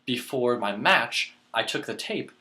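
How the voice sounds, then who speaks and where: A man teaching a lesson, explaining words clearly and deliberately, slowing down to spell them out letter by letter. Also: mid-range voice, lively intonation, sharp tone. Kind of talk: teaching demonstration.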